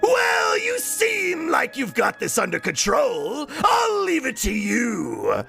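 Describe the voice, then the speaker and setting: A man doing a shouted, drawn-out impression of a stern older video game villain. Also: very high voice, huge pitch swings, creaky, faint music behind, voice pushed up, full character voice. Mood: booming. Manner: shouted, drawn-out, theatrical delivery.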